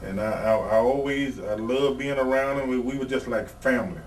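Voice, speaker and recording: A man's voice: mid-range voice, moderate pace. A man in an interview, bluntly telling rambling, profane stories about his wrestling days. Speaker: retired pro wrestler, guest. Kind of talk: casual interview storytelling. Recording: distant mic, faint background noise.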